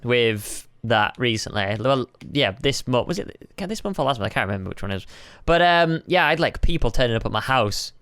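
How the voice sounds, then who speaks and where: Smooth-voiced teasing man. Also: mid-range voice, expressive, brisk, fairly bright tone, no echo. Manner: teasing, chatty, uses "like" a lot. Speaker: podcast co-host. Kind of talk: casual chat. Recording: faint music behind.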